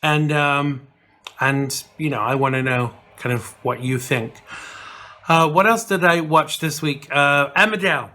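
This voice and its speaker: A man's voice: on the high side, unhurried, bright, forceful tone. A man hosting a casual vlog, chatting to camera in a rambling way with lots of fillers and restarts. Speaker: vlog host.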